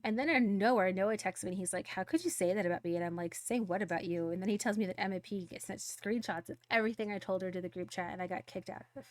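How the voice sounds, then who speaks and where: A woman's voice: on the low side, steady tone, fast, hardly any pauses, no echo, natural voice. A woman voicing an upset teenage girl who rambles and vents to her dad while reading a game's dialogue aloud. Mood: hurt, venting. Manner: rambling, exasperated storytelling.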